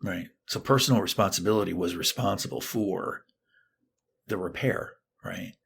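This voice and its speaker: A man's voice: low voice, normal speed, vocal fry, husky. A middle-aged man, a therapist and guest on a podcast, telling a personal story and acting out what people said. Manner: animated storytelling, acting out quoted lines.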